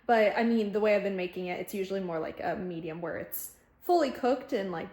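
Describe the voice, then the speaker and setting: A young woman vlogging casually from her home kitchen, talking into a handheld phone camera in quick, chatty bursts full of "oh my God". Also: medium pitch, a little mellow. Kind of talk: casual vlog chat.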